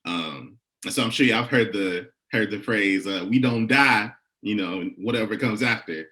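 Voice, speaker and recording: A young man with an African American English accent, talking softly with many pauses between poems, then performing spoken word poetry in a rhythmic, rising, incantatory delivery. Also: lowish voice. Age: young adult. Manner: soft, halting talk between poems with many fillers.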